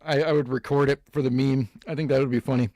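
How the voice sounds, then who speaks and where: A man's voice: mid-range voice, fairly even intonation, quick pace, warm tone, dry recording, clean studio sound. A man hosting a comedy reaction show, riffing sarcastically and laughing at clips. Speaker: host.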